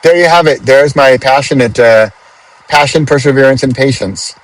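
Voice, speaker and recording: A man hosting a podcast, talking casually from a car on a highway and thinking aloud with frequent restarts. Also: normal speed, dry recording, poor audio. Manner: chatty, thinks aloud with restarts and self-corrections. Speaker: podcast host. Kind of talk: casual spoken reflection.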